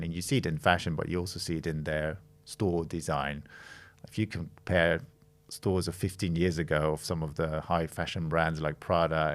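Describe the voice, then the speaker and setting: A middle-aged Dutch man with a low voice, creative director of a design studio, is a guest on a podcast interview. He comes across as thoughtful and hesitant, often restarting his sentences.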